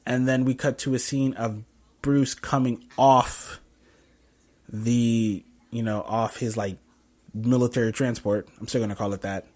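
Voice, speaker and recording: A man's voice: mid-range voice, steady tone, measured pace, darkish tone. A young man casually reviewing a film scene by scene, rambling with lots of fillers and self-corrections. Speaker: podcast host reviewing a film.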